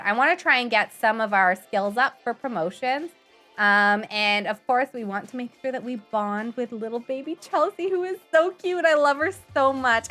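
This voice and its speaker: A woman's voice: fairly high pitch, fairly bright tone. A young woman streaming a life-simulation game, who grew up speaking French and English, chatting with viewers in a bubbly, giggly way. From grew up bilingual in French and English. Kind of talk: casual live-stream chat over gameplay.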